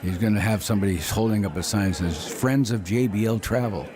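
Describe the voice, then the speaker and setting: Co-host, male, low-ish voice, laid-back joking banter; crowd noise behind. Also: brisk. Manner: laughing, easygoing banter. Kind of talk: casual on-air chat.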